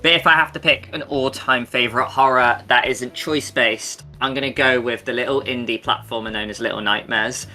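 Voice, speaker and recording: A man's voice: medium pitch, fairly even intonation, a little fast, few pauses, pushed and bright, faint music behind. A man co-hosting a podcast, chatty and enthusiastic, with casual swearing. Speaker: podcast co-host. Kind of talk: casual Q&A chat.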